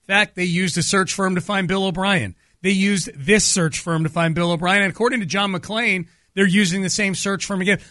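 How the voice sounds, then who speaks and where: A man's voice: high-pitched, sharp tone, dry recording, studio quality. A man co-hosting a sports talk show, chatty and joking. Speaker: sports radio co-host.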